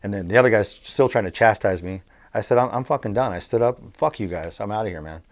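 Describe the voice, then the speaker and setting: A middle-aged man from Southern California, a former bookmaker appearing as an interview guest, tells blunt, profane stories in a casual, animated way. His voice sits fairly low and he talks fast.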